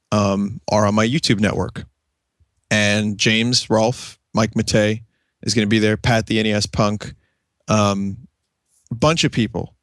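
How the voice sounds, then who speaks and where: A man's voice: lowish voice, a bit bright, no room sound, studio quality. A man co-hosting a casual gaming podcast, laid-back, joking and profane, voice a bit strained. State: voice strained after a convention. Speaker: podcast co-host.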